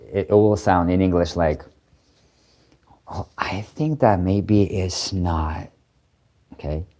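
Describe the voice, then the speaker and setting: A man explaining grammar in a casual lesson, hesitating often with fillers and restarts, then rattling off quick example phrases. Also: low-pitched, warm tone. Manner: halting, many fillers and restarts, switching into quick Korean examples. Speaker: Korean language teacher.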